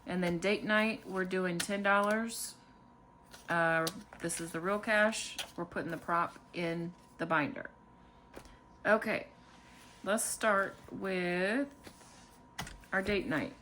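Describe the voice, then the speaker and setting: A woman hosting a casual budgeting vlog, calmly narrating as she counts out cash and fills savings challenges. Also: fairly low pitch, slight background noise. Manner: calm, unhurried, counting money aloud. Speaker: budgeting channel host.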